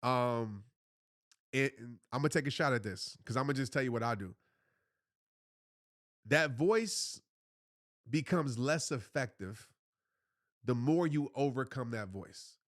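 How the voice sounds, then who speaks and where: A man's voice: mid-range voice, lively intonation, takes it slowly, long pauses, no room sound, clean studio sound. A man in his thirties, a motivational speaker giving earnest, casual answers to viewers on a live stream, repeating his points and calling them y'all.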